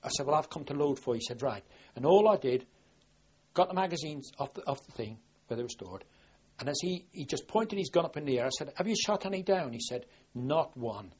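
An older navy veteran recalls his wartime service in a rambling oral history interview, restarting often and growing lively when he quotes himself and others. His mid-range voice is slightly rough and a little fast, captured in lo-fi sound.

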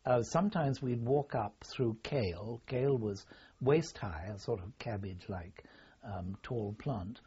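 An older man recalling his army years in a halting, formal way, pausing often with fillers. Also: mid-range voice, a little mellow, slightly rough. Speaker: interviewee. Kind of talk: oral history reminiscence. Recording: dull lo-fi recording.

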